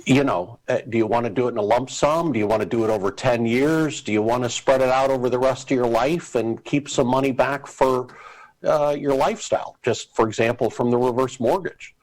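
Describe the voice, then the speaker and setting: Male panelist, mid pitch, talks it through casually. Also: a little fast, darkish tone, rough recording. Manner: conversational, thinks aloud with fillers. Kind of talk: panel discussion.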